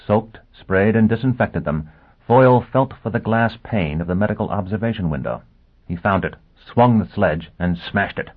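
Low raspy guy narrating an audiobook, steady, tinny phone-like audio. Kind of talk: scripted narration.

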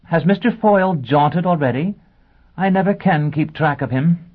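A man's voice: normal speed, natural voice. A man voicing a prim, scatterbrained female teacher in an audiobook, genteel and flustered. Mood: fussy, genteel. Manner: genteel, flustered, high lilting delivery. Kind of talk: audiobook character voice. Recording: tinny phone-like sound.

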